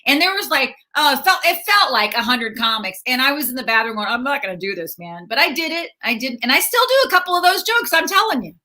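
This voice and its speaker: A middle-aged woman, a stand-up comedian, talks casually in an interview, quick with asides and laughter. Her voice sits a little high and sounds bright and forward. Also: big pitch swings.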